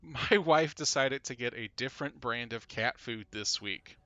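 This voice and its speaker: A man with a bright, forward voice chats casually on a live stream. He tells stories in a rambling way, chuckles often and fills pauses with "uh" and "um". His pitch sits in an ordinary middle range. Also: no room sound. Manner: chatty storyteller, chuckles often, many fillers. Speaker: podcast co-host.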